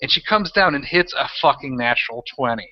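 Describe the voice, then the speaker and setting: A man narrating as game master of a tabletop role-playing game, talking in halting, rambling bursts with many restarts. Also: medium pitch, lively intonation, slight background noise. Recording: dull lo-fi audio.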